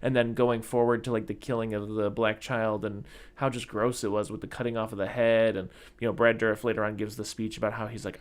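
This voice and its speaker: Low-voiced man rambling about movies. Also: flat delivery, a little fast, few pauses. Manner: rambling, many fillers and restarts. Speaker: podcast host. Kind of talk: casual movie chat.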